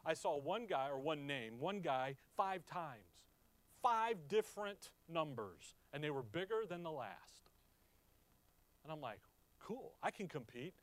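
Emphatic pastor with a fairly high voice. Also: male voice, no room sound. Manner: rising to emphatic peaks, dropping low for asides; asks the audience questions and checks they follow. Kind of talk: Bible teaching sermon.

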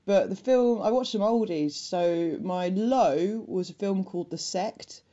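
A woman's voice: medium pitch, warm tone, muffled recording. A woman, co-hosting a casual film chat podcast and making chatty, wry remarks. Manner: chatty, swears, does quick mocking voices. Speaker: podcast co-host.

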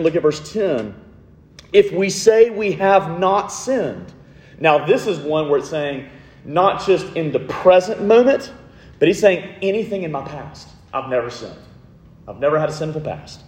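A man's voice: on the high side, a little mellow, long reverb tail. A man preaching a sermon as a pastor, earnest, with a changing pace and the odd light joke.

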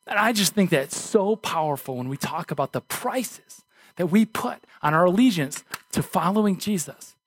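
Male pastor, 30s, casual and self-deprecating sermon; high voice, dry close sound. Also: expressive, normal speed, slightly rough, no echo.

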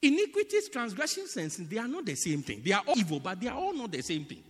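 A man with a very high, lively voice preaches a teaching sermon, his pitch leaping around as he explains and keeps asking whether the congregation follows. His tone is bright and sharp. The long reverb of a church hall trails behind every phrase. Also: quick pace, breathy edge. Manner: teaching, repeatedly asking the congregation "do you get it?"; animated, swinging between loud bursts and quiet asides.

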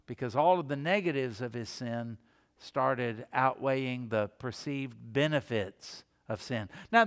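A pastor preaching a sermon, telling stories and acting out the voices of the people in them. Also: male voice, mid-range voice, clean tone, big-room sound. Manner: animated storytelling, acting out quoted voices.

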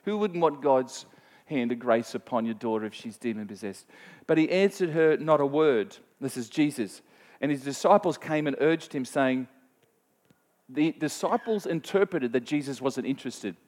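A man preaching a sermon, retelling a scripture story in a conversational, animated way and speaking directly to his listeners. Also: mid-range voice, normal speed. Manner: animated storytelling, voice rising sharply when quoting scripture; conversational, plain-spoken teaching with asides to listeners.

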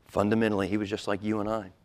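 A male pastor preaching a sermon in a church auditorium. He moves from hushed, low asides to loud, emphatic stretches and acts out quoted lines in a dropped, quiet voice. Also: flat delivery, rapid-fire.

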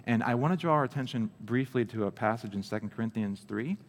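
A man preaching a sermon, reading scripture aloud slowly and with emphasis, then explaining it in casual asides. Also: mid-range voice.

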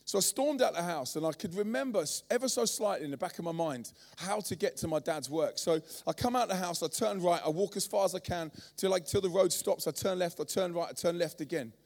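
Animated preacher in his forties. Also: sits high, fairly quick, few pauses. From London, England. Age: 40s. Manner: animated storytelling, acting out voices. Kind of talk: sermon.

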